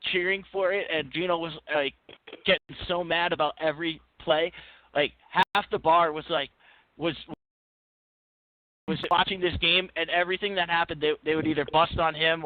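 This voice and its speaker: A man on a podcast, casually telling a lively story with lots of restarts. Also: on the high side, no echo. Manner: animated anecdote-telling with many restarts. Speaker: podcast co-host. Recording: tinny phone-like line, dry.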